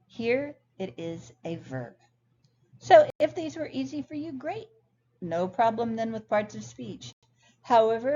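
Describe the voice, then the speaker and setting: A woman instructor explaining grammar clearly and patiently in a recorded lecture over slides. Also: mid-range voice, mellow. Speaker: ESL instructor. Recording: dull lo-fi sound, faint noise.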